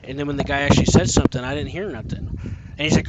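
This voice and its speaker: A man's voice: fairly high pitch, fairly even intonation, rapid-fire. A young man in casual voice chat, telling a profane, exasperated story about a teammate in a game. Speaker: gamer. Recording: loud background noise.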